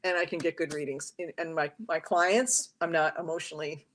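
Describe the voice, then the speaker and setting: A woman with a somewhat low voice talks freely as a guest in an interview. She reads tarot and tells her stories with lively acted-out quotes. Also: fairly quick. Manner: talkative, animated storyteller who acts out quotes. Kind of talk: casual interview chat.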